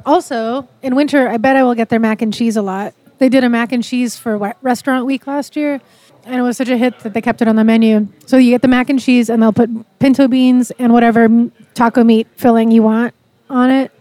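Casting: slightly high-voiced woman from Canada, chatty and casual, filler-heavy. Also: steady tone, brisk, mellow, no room sound. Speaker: interviewee. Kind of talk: casual chat over a meal.

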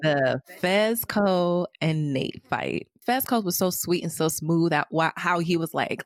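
A woman co-hosting a casual chat about a TV show, animated and profane, who often mimics characters in a higher voice. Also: a little slow, hardly any pauses, no echo. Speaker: podcast co-host.

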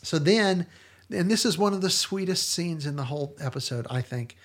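A man's voice: on the high side, animated, moderate pace. A man hosting a podcast, retelling scenes in an earnest, enthusiastic casual discussion. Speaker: podcast host.

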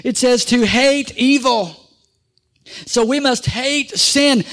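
A middle-aged male pastor with a high-sitting voice preaches a sermon, calling for amens from the congregation. He swings between loud pushes and quiet asides.

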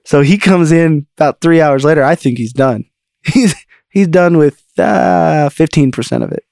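Middle-aged guy on his podcast telling a story, kinda high voice, laughs a lot, dry close sound. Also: a little slow, creaky, pauses often, darkish tone, no room sound. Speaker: podcast host. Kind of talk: personal storytelling.

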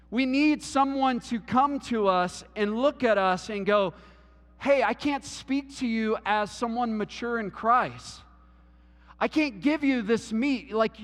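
A man's voice: high voice, fairly bright tone, big-room sound. A man preaching a sermon in a church, earnest, often restarting words and using "like" as a filler. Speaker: pastor.

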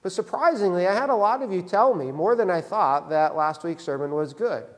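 A man's voice: high voice, lively intonation, a little fast, in a large hall. A male pastor preaching a sermon in a church, conversational, often tagging his points with "right?". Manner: conversational, repeats "right?" for emphasis. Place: church sanctuary.

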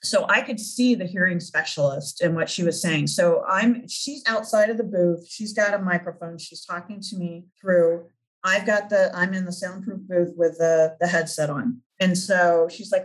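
Lively woman guest telling her story. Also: on the low side, normal speed, low-quality recording. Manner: animated storyteller who acts out remembered dialogue, laughs often. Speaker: interview guest. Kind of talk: storytelling in a conversational interview.

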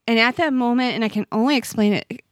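Here a woman in her forties talks fast in a fairly high voice, recorded at studio quality with no room sound. As a podcast guest she offers heartfelt personal testimony, her sincere telling repeatedly pausing and picking back up.

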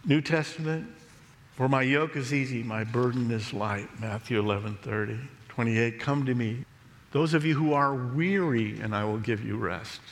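A pastor preaching a sermon, telling a story in a slow, measured way. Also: male voice, medium pitch. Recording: long reverb of a large hall.

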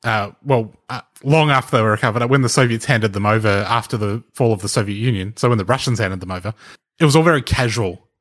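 A man's voice: on the low side, quick pace, a bit bright. A man co-hosting a podcast, casually explaining a story to his co-host while thinking aloud, restarting sentences and laughing lightly. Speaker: podcast co-host presenting the research.

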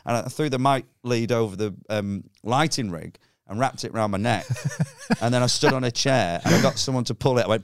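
A man's voice: medium pitch, fast, hardly any pauses, clear, resonant tone, no echo, clean studio sound. A comedian telling a rambling anecdote in casual chat, swearing freely and acting out the voices of people in his story. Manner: animated, swears freely, acts out voices in stories. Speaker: stand-up comedian.

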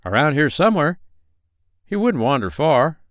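A teasing older uncle with a put-on Irish lilt, as a man reads him, lifted in pitch and a touch louder. He sounds merry and knowing, a natural matchmaker in a romance audiobook. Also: sing-song, moderate pace, dry recording, studio quality.

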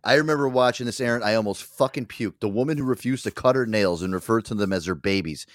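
A man's voice: on the low side, fast talker. A man hosting a casual podcast chat, laughing often and swearing freely as he reacts. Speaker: podcast host.

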